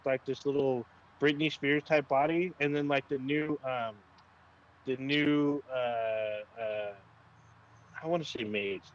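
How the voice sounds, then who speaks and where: A man's voice: a little high, lo-fi sound. A man co-hosting a casual gaming chat, rambling with lots of fillers and swearing. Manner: rambling, profane, frequent fillers. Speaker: podcast co-host.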